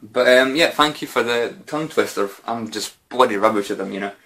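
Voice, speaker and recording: A man answers viewer questions in a casual Q&A chat, rambling with lots of fillers and mild swearing. His voice is medium-pitched and a bit bright, and he speaks briskly.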